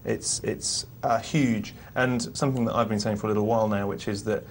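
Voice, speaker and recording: A man's voice: fairly low pitch, fairly even intonation, brisk, a little hiss or hum. A man co-hosting a live poker show, explaining ideas thoughtfully with occasional restarts. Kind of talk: live on-air poker talk.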